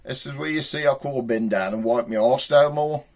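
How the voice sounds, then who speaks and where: A man with a Black Country accent telling jokes, doing his characters' voices with shouts and raised pitch. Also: normal speed, background noise. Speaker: joke teller.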